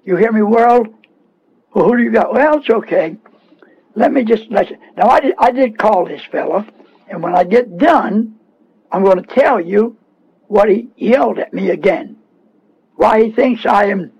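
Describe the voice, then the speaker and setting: A man with a high, husky voice preaching a radio sermon. He scolds and repeats himself with fervent insistence. The broadcast sound is dull and muffled. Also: animated, normal speed, pauses often, a little mellow.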